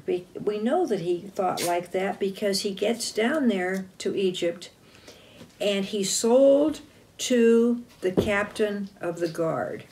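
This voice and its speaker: A woman leads a children's chapel lesson and acts out a Bible story with a map and figures. She speaks slowly and expressively and corrects herself now and then. A faint hiss sits behind her. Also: mid-range voice. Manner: deliberate, expressive, self-correcting. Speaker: chapel teacher.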